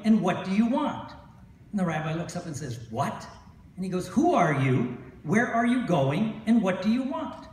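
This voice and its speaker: Middle-aged male speaker with a high voice, motivational convention talk, storytelling, heard from far off in an echoey hall. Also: slight background noise. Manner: storytelling, repeats phrases, asks "right?". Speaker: hypnosis instructor.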